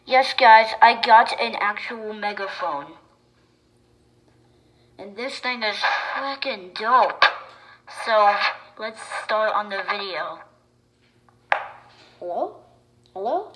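A woman giving chatty, excitable reaction commentary to her viewers, with sudden loud bursts. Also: medium pitch, slow, long pauses, low-quality recording. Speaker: video creator.

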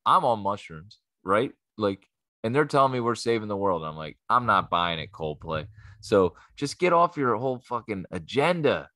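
A man's voice: medium pitch, dry recording, clean studio sound. A man, telling a profane comic story and acting out the voices of people in it. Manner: animated, swearing, acts out quoted voices. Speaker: comedian host.

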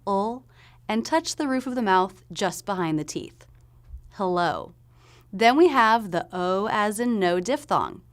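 A woman giving a pronunciation lesson, explaining sounds clearly and demonstrating them slowly. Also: medium pitch. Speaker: pronunciation teacher.

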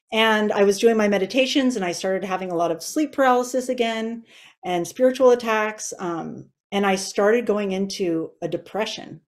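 A woman's voice: medium pitch, darkish tone. A woman in her forties sharing a personal faith testimony in an interview, earnest and emotional. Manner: earnest and emotional, tearful at times.

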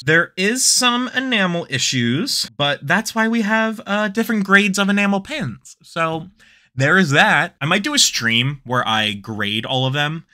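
A man who makes art, unboxing enamel pins for his shop in a casual vlog. He talks in a campy, sassy way, swears constantly and squeals with excitement. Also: high-pitched.

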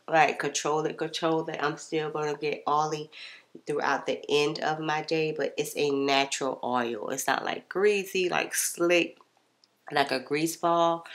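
A woman with a stuffy, congested voice chatting casually to her viewers while she narrates a makeup tutorial voiceover. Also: low-pitched. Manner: chatty, relaxed, addresses viewers as y'all. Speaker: beauty vlogger.

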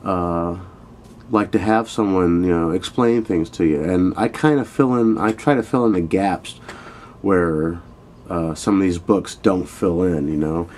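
A man with a very low voice gives a loose, chatty video lesson. He addresses his viewers directly and keeps reaching for fillers as he explains. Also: a little slow, darkish tone, slight background noise. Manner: rambling, filler-heavy and chatty. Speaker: online Thai language teacher.

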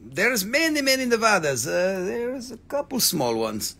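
A man's voice: high voice, big pitch swings, unhurried, vocal fry, bright, forceful tone. A man hosting a live rock-selling stream, rambling casually, swearing freely and calling out prices to viewers.

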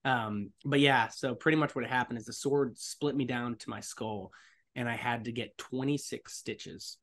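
Lively storytelling man. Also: mid-range voice, normal speed. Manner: lively storyteller, acts out other people's lines loudly. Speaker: voice actor and stuntman guest. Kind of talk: animated storytelling in a podcast interview.

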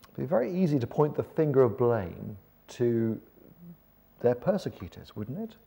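A man's voice: mid-range voice, big pitch swings, moderate pace, vocal fry, mellow, breathy edge. An Englishman giving a sermon-style seminar talk, conversational with rhetorical questions and wry asides. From England. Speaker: seminar speaker.

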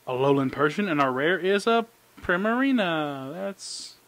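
A man giving casual, jokey commentary as he opens trading card packs, excitable and talking to his cards. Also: fairly high pitch, normal speed. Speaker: card collecting YouTuber. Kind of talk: casual pack-opening commentary.

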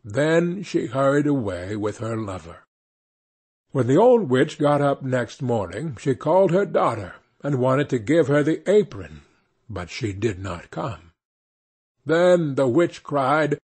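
A man reads a fairy tale aloud at an unhurried pace, his voice husky and breathy. His pitch rises and falls widely as he leans into the story's turns. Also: expressive, darkish tone. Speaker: audiobook narrator. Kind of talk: scripted fairy tale narration.

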